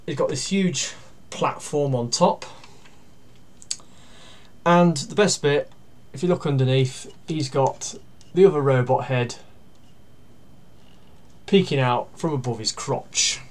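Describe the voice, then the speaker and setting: A man giving a casual toy review. He talks through each step while handling the toy, pausing and using fillers, and grumbles dryly about its flaws. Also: medium pitch. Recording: steady background noise with plastic clicks.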